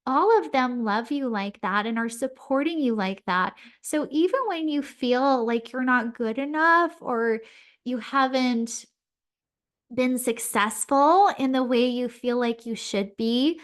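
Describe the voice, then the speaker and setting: A woman's voice: high-pitched, animated, a little slow. A woman hosting a podcast who tells a personal story in an earnest, heartfelt way, often using "um" and "like". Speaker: podcast host and spiritual medium.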